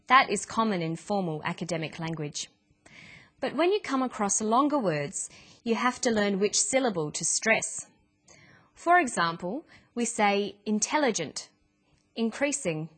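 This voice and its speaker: A woman narrating a scripted English pronunciation lesson in a clear, measured way. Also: mid-range voice, fairly bright tone. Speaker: English teacher.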